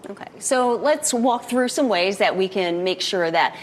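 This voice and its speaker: A woman's voice: mid-range voice, expressive, normal speed, slight background noise. Woman anchoring a tv newscast, friendly and conversational, studio sound. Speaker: news anchor.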